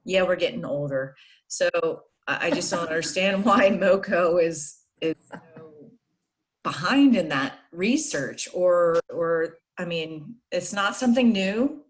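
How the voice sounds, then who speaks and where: A woman's voice: lowish voice, lively intonation, takes it slowly. A woman youth soccer coach chatting on a video call, rambling with frequent restarts and laughing as she talks. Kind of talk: casual video call meeting.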